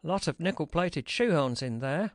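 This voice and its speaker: A woman's voice: sits low, lively intonation, moderate pace, pitched below the performer's own voice. A woman playing a cool, clipped safecracker. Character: cool, confident male safecracker, young man.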